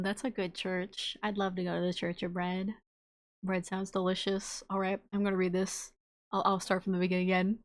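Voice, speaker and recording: A woman chatting casually on a livestream as she plays a game, bubbly and quick to giggle, warmly greeting her viewers. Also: medium pitch, flat delivery. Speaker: streamer playing a game.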